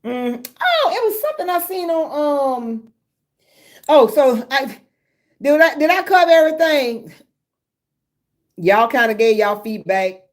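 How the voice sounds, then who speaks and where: Lively laughing woman storyteller. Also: high-pitched, measured pace, pauses often. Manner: lively storytelling, laughing often, drawling Southern speech. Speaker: livestream host. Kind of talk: casual chat with live viewers.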